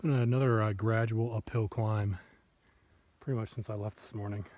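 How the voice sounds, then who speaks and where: Laid-back low-voiced man on a trail. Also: moderate pace, dry recording, highs cut off. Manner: relaxed, rambling with fillers. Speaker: backpacking vlogger. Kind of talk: casual trail vlog. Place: outdoors in the woods on a trail.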